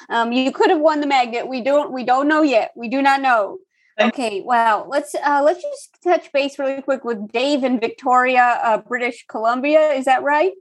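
High-voiced giggly woman hosting a game. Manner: chatty, giggly, hesitant. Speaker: game show host. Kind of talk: playful comedy game hosting over video call. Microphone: video call.

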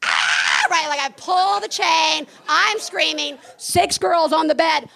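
A woman co-hosting a live podcast on stage, telling a childhood story with lively acted-out screams and chants. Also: very high-pitched, a little slow, gravelly. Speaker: podcast co-host. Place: live stage before an audience.

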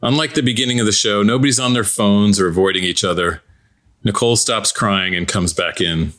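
A man's voice: on the low side, a little fast. Easygoing male podcast host. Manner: relaxed, conversational, some restarts. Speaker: podcast host and stage-direction reader. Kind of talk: scripted narration and podcast sign-off.

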